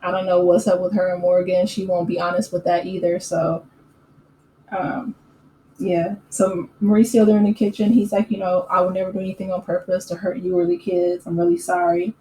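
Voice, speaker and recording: A woman hosting a casual recap channel, chatting in an opinionated way with lots of fillers and quick laughs. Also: fairly low pitch, flat delivery, dark tone. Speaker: YouTube recap host. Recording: echoey room with faint ambient noise.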